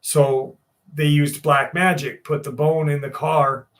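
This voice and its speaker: A man's voice: fairly high pitch, flat delivery, slow. A man hosting a live stream, chatting casually and reading viewer comments in a loose, jokey way with plenty of swearing.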